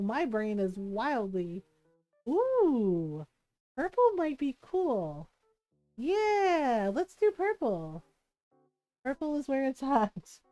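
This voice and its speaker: A woman's voice: high voice, darkish tone, no echo, rough recording. A woman streaming a game, chatting casually, musing aloud and laughing often. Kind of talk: casual livestream chat.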